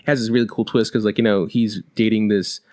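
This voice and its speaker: A young man co-hosting a podcast, chatting casually in a rambling, animated way full of fillers. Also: on the low side, brisk. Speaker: podcast co-host. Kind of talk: casual chat.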